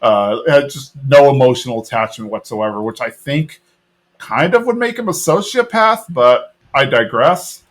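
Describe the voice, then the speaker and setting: A man with an ordinary mid-range voice talks through a cartoon episode on a podcast. He rambles along in a loose, casual way, full of fillers and quick laughs. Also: medium pitch, lively intonation. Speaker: podcast co-host. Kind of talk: casual recap chat.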